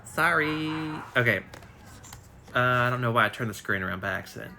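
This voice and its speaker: Over a noisy background, a man reads a biography on a casual live stream via his phone, repeatedly slipping and correcting himself. His medium-pitched voice is gravelly and animated, moving a little fast.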